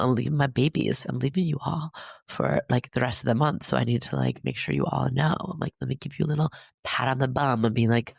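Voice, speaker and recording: Gravelly, chatty man with heavy vocal fry. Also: medium pitch, very animated, brisk, no echo, studio quality. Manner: chatty, lots of fillers, upbeat and encouraging. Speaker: astrologer podcast host. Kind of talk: casual spoken forecast monologue.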